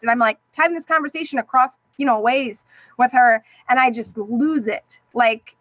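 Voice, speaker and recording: A woman's voice: high voice, normal speed, no room sound. A middle-aged woman, a podcast guest, telling an emotional personal story and acting out what others said to her. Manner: animated, acts out quoted voices. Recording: dull, dry sound.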